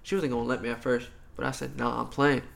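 A young college athlete in casual chat, telling stories in a laid-back, slangy way with plenty of swearing. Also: male voice, medium pitch, level tone, fast talker, vocal fry, a bit bright. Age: young adult.

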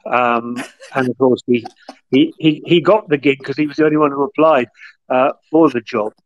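Slightly muffled, lo-fi audio captures a former football club chief executive appearing as a guest. The middle-aged Northern English man spins lengthy, easygoing stories full of fillers and false starts, in a mid-range voice at a moderate pace.

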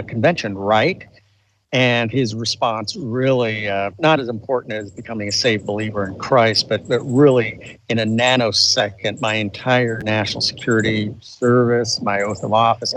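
A man's voice: mid-range voice, a little hiss or hum, rough recording. An older man, a retired colonel, telling a story in an interview with intensity and emphasis, often restarting his sentences. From United States. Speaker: guest, retired colonel and author.

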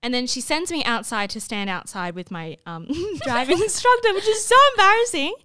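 A young Australian woman telling a story in a chatty, animated way, full of fillers. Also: high-pitched, a little fast, no room sound, studio quality. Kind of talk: casual storytelling chat.

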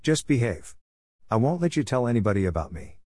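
A man's voice: medium pitch, very animated, a little fast, darkish tone, dry recording, clean studio sound. A man voicing a scheming, boastful male affliction spirit who mocks and gloats in a storybook tale. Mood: gloating.

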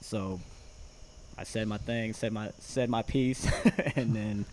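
A man's voice: fairly low pitch, fairly even intonation, slow, a little mellow, slight background noise. A man chatting casually as a podcast guest, telling rambling stories with many fillers and laughs. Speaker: guest, former reality competition contestant.

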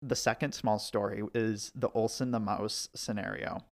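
A young man and podcast co-host telling animated stories, full of "like", into a podcast microphone. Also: lowish voice, moderate pace, gravelly. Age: young adult. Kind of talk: casual storytelling.

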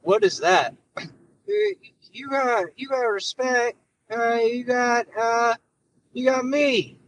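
A man's voice: extremely high pitch, expressive, slow, fairly bright tone, a little hiss or hum, pitched above the performer's own voice, exaggerated voice, poor audio. A man putting on a rambling, stammering elderly male politician in a comic impression, recorded in a car through a phone. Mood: rambling bluster. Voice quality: stammering, repetitive, hoarse-edged. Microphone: phone through car system.

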